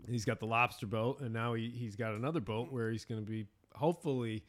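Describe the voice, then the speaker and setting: A middle-aged man from New England talks through a casual podcast conversation. He rambles, doubling back over his words with fillers and restarts, in a medium-pitched voice. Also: steady tone, a little fast, fairly bright tone. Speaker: podcast host. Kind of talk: casual chat.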